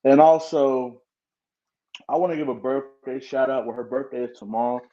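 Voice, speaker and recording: A man from Cincinnati, Ohio, co-hosting a podcast, talking in a relaxed way with many ums and uhs. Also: medium pitch, moderate pace. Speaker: podcast co-host. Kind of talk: casual podcast chat. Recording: muffled lo-fi mic.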